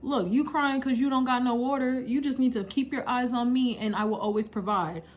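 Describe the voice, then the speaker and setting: A woman voicing the Lord as a calm, reassuring provider, talking in plain everyday words. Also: on the high side, brisk, pitched above the performer's own voice, close to an everyday voice.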